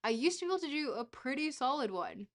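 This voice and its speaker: A woman's voice: high voice, sing-song, fast. Woman streaming a geo game, rambly and jokey, swears here and there, just chatting. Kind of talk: casual livestream chat while playing a geography game.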